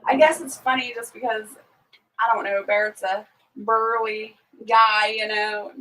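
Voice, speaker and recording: A woman's voice: a little high, fairly even intonation, a little slow, pushed and bright, far from the mic, rough recording. A woman hosting a casual morning livestream, chatting easily, laughing often and greeting viewers by name. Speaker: livestream host. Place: at home on a small farm.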